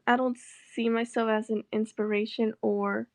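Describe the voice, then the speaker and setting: A woman's voice: fairly high pitch, level tone, moderate pace, a little mellow, no room sound. A young woman vlogging in a casual chat, rambling and swearing with sarcastic asides. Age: young adult.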